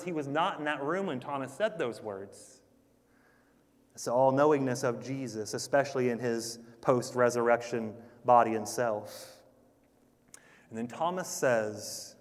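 A man preaching a sermon in an earnest, emphatic way, often repeating himself for stress. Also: medium pitch. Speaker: pastor. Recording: long hall reverb.

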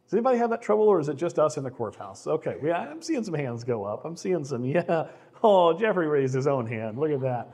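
A man's voice: on the high side, very animated, a little fast, mellow, husky. A middle-aged man preaching a conversational sermon, often repeating words as he starts a sentence. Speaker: pastor.

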